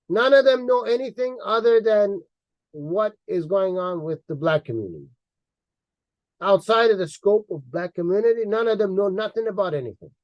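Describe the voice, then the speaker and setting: Angry, mocking high-voiced man. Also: a little mellow, no echo, lo-fi sound. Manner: repeats words for emphasis. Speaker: online commentator. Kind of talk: heated monologue.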